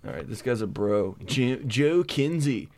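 A man's voice: medium pitch, lively intonation, measured pace, a little mellow, no room sound. A man co-hosting a comedy podcast, reading news stories aloud and joking between them. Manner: jokey, jumps into silly put-on voices. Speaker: podcast co-host.

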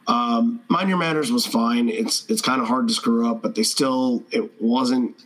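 A man's voice: medium pitch, steady tone, a little slow, a bit bright, soft background music, poor audio. A man co-hosting a casual podcast, rambling with profanity and frequent restarts. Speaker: podcast co-host. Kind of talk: casual chat.

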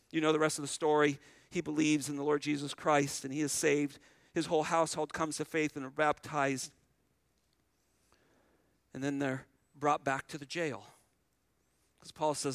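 High-voiced man preaching a sermon. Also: normal speed, a bit bright, no echo. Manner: earnest, conversational preaching that retells scripture vividly; addresses the congregation directly. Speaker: pastor.

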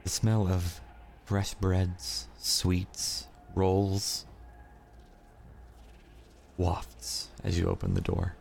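A man's voice: deep voice, completely flat delivery, very slow, creaky, pauses often, a little mellow, soft background music. A man narrating a tabletop role-playing game as game master.

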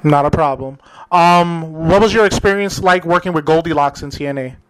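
A man's voice: on the high side, fairly quick, clean tone. A man hosting a podcast interview, asking questions in a hesitant way with many fillers. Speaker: podcast host.

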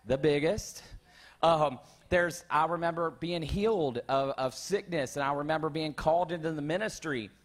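Pastor guy preaching in church, high voice, keeps calling out to the crowd. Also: normal speed. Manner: conversational, calls out to the congregation. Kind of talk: sermon. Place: church sanctuary.

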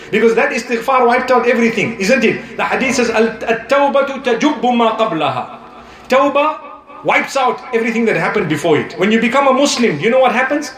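A man preaching a sermon to a live audience, animated and humorous, telling stories and mixing in Arabic phrases. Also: high-pitched, reverberant. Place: lecture hall on tour.

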